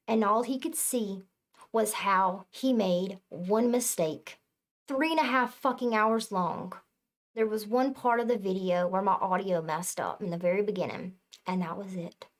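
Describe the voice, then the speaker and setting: A woman talking to her viewers as a spiritual reader, in casual, earnest and emphatic speech that swears freely. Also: mid-range voice. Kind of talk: casual spiritual talk to camera.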